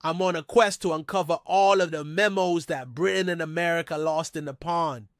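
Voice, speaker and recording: A man giving a scripted, upbeat lesson on how English words are pronounced, slowing down to stress the key words. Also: on the high side, fairly even intonation, no echo, clean studio sound. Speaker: English pronunciation presenter. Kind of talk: scripted educational narration.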